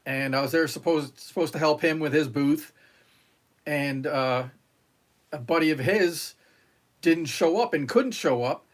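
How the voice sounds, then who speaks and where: A man's voice: a little high, unhurried, long pauses. A middle-aged man from New York, a retired Marine, telling stories on a podcast in a rambling way, with many fillers and restarts, and acting out the lines of others. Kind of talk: casual interview storytelling.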